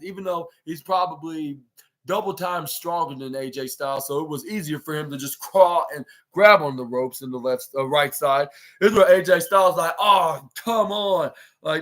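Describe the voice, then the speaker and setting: Male podcast host, slightly high voice, blow-by-blow solo match recap with quick acted-out quotes. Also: a bit bright. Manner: blow-by-blow retelling, acting out wrestlers' lines.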